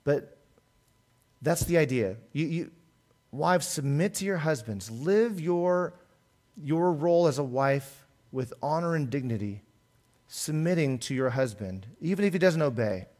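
A male pastor delivering a sermon with a somewhat high voice. He preaches earnestly, his volume swelling on key points and easing off quietly after them. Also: lively intonation, unhurried.

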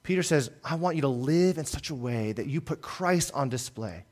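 A man preaching a sermon in an earnest tone, rising louder on key points and dropping softer after them. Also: mid-range voice, expressive, moderate pace, hardly any pauses. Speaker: pastor.

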